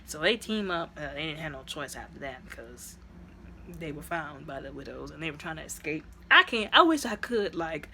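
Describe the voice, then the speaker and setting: Low-voiced woman rambling through a movie recap. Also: moderate pace, slight background noise. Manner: chatty, animated retelling full of "like" and "you know"; sudden jumps up into high exclaiming tones. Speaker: movie reviewer.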